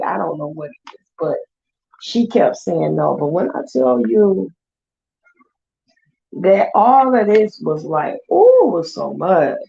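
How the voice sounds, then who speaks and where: A woman vlogger, casually retelling a story with lively quoted voices. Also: on the low side, creaky, muffled recording.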